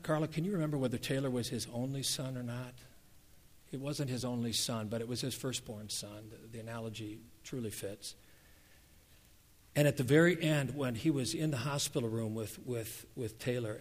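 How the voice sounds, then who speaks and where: A male pastor preaching a sermon, moving between emphatic, rising passages and hushed, quiet ones. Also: medium pitch, fairly even intonation, brisk. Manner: emphatic, swinging from loud to hushed. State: emotional, near tears. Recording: reverberant hall.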